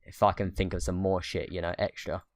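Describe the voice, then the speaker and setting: A young man co-hosting a casual podcast, laid-back, swearing easily and letting his phrases drop low at the end. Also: little pitch movement, brisk, no room sound, studio quality. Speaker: podcast co-host.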